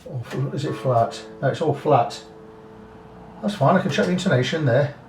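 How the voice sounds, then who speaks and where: Speaking at a moderate pace in a medium-pitched, slightly mellow voice, the man works through a guitar setup, musing aloud and making candid side remarks. The workshop sounds roomy, the mic sits at a distance, and music plays faintly.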